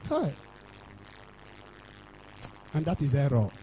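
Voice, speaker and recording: A Nigerian man preaching a fiery revival sermon, shouting and chanting lines for the crowd to repeat. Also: mid-range voice, huge pitch swings, takes it slowly, slight background noise, rough recording. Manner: shouting, sing-song call-and-response preaching. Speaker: evangelist preacher.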